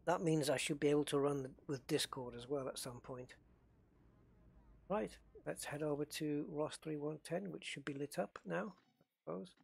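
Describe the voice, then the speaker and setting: Husky man streaming a game. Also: fairly high pitch, moderate pace. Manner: chatty, greets viewers by name, thinks aloud. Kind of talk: casual live-stream chat.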